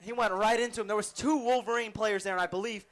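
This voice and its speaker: Teen guy doing play-by-play, high voice, smooth and clear, dry sound. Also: steady tone, fairly bright tone, no room sound. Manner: rapid play-by-play calls, rising when the action picks up. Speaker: play-by-play commentator. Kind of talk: student sports broadcast commentary.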